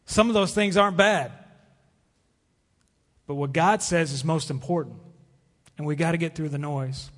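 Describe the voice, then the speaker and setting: High-voiced preaching man in a reverberant hall. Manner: earnest preaching with pauses. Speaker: pastor. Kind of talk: sermon. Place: church sanctuary. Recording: long reverb of a church hall.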